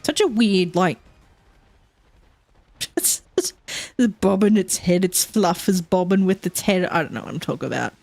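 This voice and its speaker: A woman's voice: lowish voice, lively intonation, measured pace, gravelly, pauses often, a little mellow, dry recording, faint music behind. A woman streamer chatting casually while playing a game at home, rambling, swearing often and laughing a lot.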